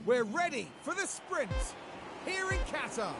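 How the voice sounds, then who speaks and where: Upbeat game race announcer. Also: male voice, extremely high pitch, sing-song, a little slow, loud music behind the voice, full character voice. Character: upbeat male motorsport broadcast announcer. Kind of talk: scripted broadcast race commentary.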